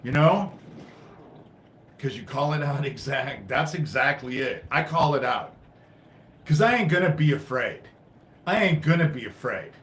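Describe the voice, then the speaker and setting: A man's voice: animated, measured pace, long pauses, a little hiss or hum. Frustrated man ranting, swearing, echoey room. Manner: frustrated, profane, swinging between loud outbursts and low muttering. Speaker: livestream host. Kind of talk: live-stream rant.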